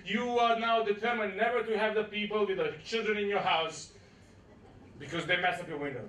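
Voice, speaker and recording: A man's voice: sits high, steady tone, brisk, a bit bright, recorded from a distance, slight background noise. A male pastor giving a sermon, telling a story with playful asides to the congregation. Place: church hall. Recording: echoey church from afar.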